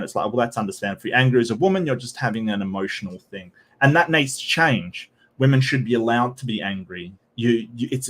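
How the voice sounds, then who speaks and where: A man hosting a live stream, reading posts aloud and chatting with viewers in a rambling way, with many ums and restarts. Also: mid-range voice. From Australia. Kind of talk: casual live-stream commentary.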